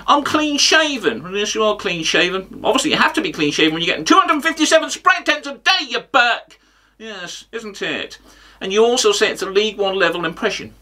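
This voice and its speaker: A brash, self-important football pundit, put on by a man in a comedy sketch, hurling pompous insults. The voice is high and very sharp. It sits a little away from the microphone. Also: distant mic. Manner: pompous, insult-heavy mock bravado.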